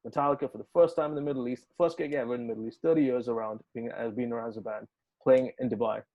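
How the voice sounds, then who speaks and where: Guy in an interview telling a story, gets excited, swears a lot, repeats himself. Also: mid-range voice, very fast, lo-fi sound. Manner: animated, swears, repeats words when excited. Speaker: metal band guitarist, interview guest.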